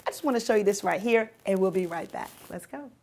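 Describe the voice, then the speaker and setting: A woman's voice: medium pitch, animated, fast talker, vocal fry, darkish tone. A woman teaching a youth church lesson, speaking directly to teens and repeating her key points for emphasis.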